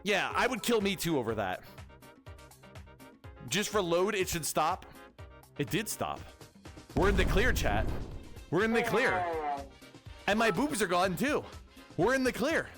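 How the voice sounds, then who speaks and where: Young vtuber guy rambling and joking w chat, high voice that jumps all over, little music behind. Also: very animated, measured pace, long pauses, fairly bright tone. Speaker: VTuber streamer. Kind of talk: casual livestream chat.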